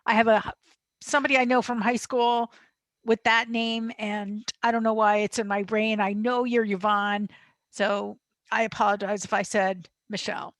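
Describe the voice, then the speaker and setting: A woman's voice: mid-range voice, flat delivery, moderate pace, dry recording. Woman hosting a video-call Q&A. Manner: friendly, reads audience questions. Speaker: lecture host and moderator. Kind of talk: casual moderating.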